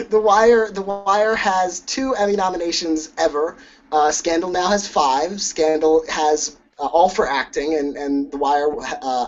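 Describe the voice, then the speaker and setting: A man co-hosting a casual conversation, weighing performances analytically, with frequent small restarts. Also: a little high. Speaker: awards editor and co-host. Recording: dull lo-fi sound.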